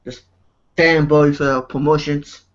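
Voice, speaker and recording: A man's voice: on the high side, steady tone, slow pace, dull audio. A man hosting a casual chat show, ranting with heavy profanity and repeated words. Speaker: show host.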